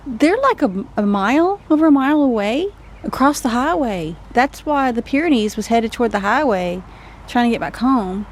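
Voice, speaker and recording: With a fairly high, expressive voice and moderate pace, a woman from Texas narrates a laid-back vlog. She's outside in the heat on rural land, coaxing stray dogs gently and chatting toward the camera.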